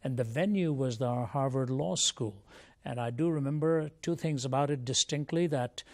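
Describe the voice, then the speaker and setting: A man's voice: medium pitch, normal speed. An older man from India, a Christian apologist, telling his life story as an interview guest in an earnest, reflective way.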